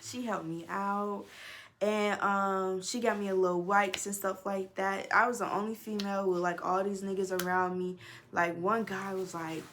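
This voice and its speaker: A young adult woman telling a storytime on her vlog, animated and profane, swinging between loud outbursts and low mutters. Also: normal speed, a little hiss or hum. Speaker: vlogger. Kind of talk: casual storytime.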